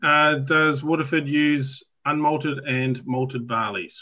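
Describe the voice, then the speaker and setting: A man's voice: a little high, steady tone, takes it slowly, bright, forceful tone. A man co-hosting a casual interview and plainly reading out audience questions. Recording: dull lo-fi audio.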